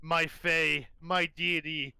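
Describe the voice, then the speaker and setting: A man voicing a proud young male ranger, suddenly aged twenty years, who speaks in slow, solemn declarations in a tabletop game. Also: on the high side, flat delivery, vocal fry, pushed and bright, clear, resonant tone, no room sound, full character voice.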